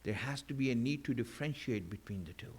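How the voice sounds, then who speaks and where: A man's voice: mid-range voice, lively intonation, fast talker, darkish tone, slightly rough. A man delivering a mourning sermon in a conversational way, with many fillers and restarts, at a mosque. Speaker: religious speaker. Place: mosque hall.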